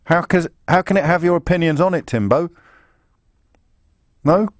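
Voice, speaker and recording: A man's voice: a little high, quick pace, no room sound. Sarcastic male radio host, dry studio. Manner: sarcastic, mocking asides. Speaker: radio talk show host. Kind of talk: live radio commentary, reading aloud on air. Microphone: studio microphone.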